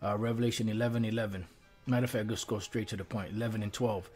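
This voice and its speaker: A man's voice: on the low side, steady tone, fast, a little mellow, faint music behind. Conversational male Bible teacher. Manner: loose and conversational, heavy on "you know" and "um"; turns emphatic and preachy when driving points home. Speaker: Bible teacher leading a live lesson. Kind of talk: informal scripture lesson, reading verses aloud.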